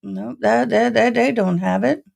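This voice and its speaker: Slow folksy Southern woman host. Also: on the high side, gravelly, a little mellow. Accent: mixed East Tennessee and Texas Southern. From Tennessee, raised in Texas. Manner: chatty, folksy, greets viewers by name. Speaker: livestream host. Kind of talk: casual live-stream chat.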